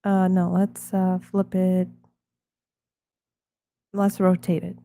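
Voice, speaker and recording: A woman's voice: fairly low pitch, completely flat delivery, takes it slowly, vocal fry, warm tone, a little hiss or hum. A woman chatting casually on a live stream while she draws, rambling and talking to herself in murmured asides.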